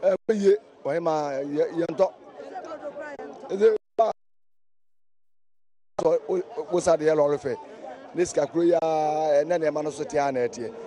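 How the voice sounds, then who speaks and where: A Ghanaian man selling goods at a busy outdoor station, sounding weary as he complains about slow trade. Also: a little high, warm tone, a faint crowd. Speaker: trader interviewee.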